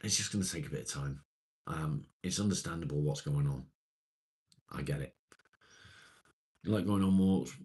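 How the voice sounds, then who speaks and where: Middle-aged man, very low voice, relaxed live-stream host. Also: moderate pace, pauses often. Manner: relaxed, chatty, reassuring with viewers. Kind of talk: casual live stream chat with viewers.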